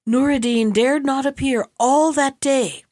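A woman reads an old tale aloud in a measured, steady storytelling voice. Her pitch sits somewhat high for a woman, and the recording is dry and close with no room sound. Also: no echo. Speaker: narrator. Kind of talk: audiobook reading.

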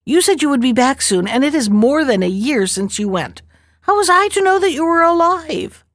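A woman's voice: high voice, very animated, normal speed, no room sound, clean studio sound, pitched above the performer's own voice. A woman voicing a clever young woman who coaxes and reproaches the turtle she was forced to marry. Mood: defiant. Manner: coaxing and sly.

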